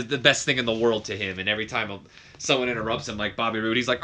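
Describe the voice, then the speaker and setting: A young man gives casual game commentary in a fairly low, bright and forceful voice. He rambles in a friendly way, drops plenty of fillers and corrects himself mid-sentence. Now and then he slips into quick mock voices of the people he talks about. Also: fairly even intonation. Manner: chatty, frequent fillers and self-corrections.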